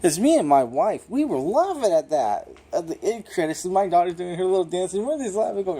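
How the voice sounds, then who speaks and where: Rambling, excitable man reviewing a film. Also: high-pitched, fairly quick, few pauses, slightly rough. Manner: rambling, excitable, swears freely, lots of fillers. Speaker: movie reviewer. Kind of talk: casual unscripted film review.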